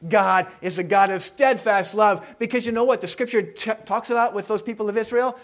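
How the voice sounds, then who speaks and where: A man pastor preaching a sermon in a conversational way, asking his congregation questions and moving between loud emphasis and quiet reflection. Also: very high-pitched, normal speed, hardly any pauses.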